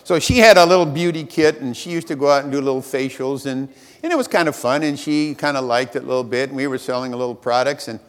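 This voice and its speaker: A man's voice: medium pitch, fast, big-room sound. A man giving a motivational speech at a sales convention. He tells a self-mocking story with lots of animation.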